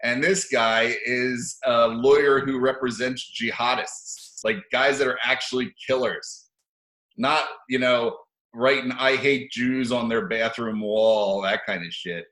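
A man's voice: mid-range voice, fairly even intonation, measured pace, fairly bright tone, echoey room, poor audio. A man giving rambling, profane opinion commentary for his video channel, sardonic and given to chuckling asides.

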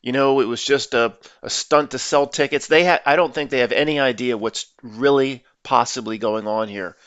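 A man's voice: mid-range voice, moderate pace, fairly bright tone, clean tone, no echo, dull audio. A man giving casual video commentary in an earnest, emphatic way, laying out a theory.

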